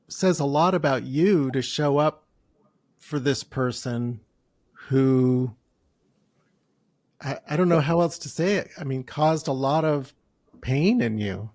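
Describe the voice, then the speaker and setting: A man's voice: fairly high pitch, lively intonation, slow, pauses often, darkish tone, soft background music. A man hosting a podcast interview, reflective and supportive as he responds to his guest. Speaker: podcast host. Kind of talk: interview conversation.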